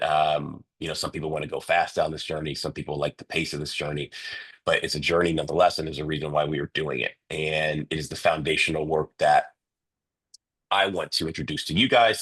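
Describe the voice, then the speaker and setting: A man with a very low, nasal voice opens an online coaching session. He talks in a loose, chatty way, full of fillers and restarts. The sound comes through a video call. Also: a bit bright, breathy edge. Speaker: real estate coach hosting a webinar.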